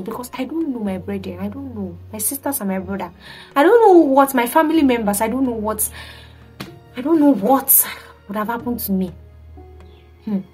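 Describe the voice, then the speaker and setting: A woman's voice: fairly high pitch, husky. A young woman, a teacher telling a dramatic story in a casual vlog, full of exclamations and acted-out quotes. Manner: animated and dramatic, acting out quotes with many exclamations. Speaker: teacher and vlogger.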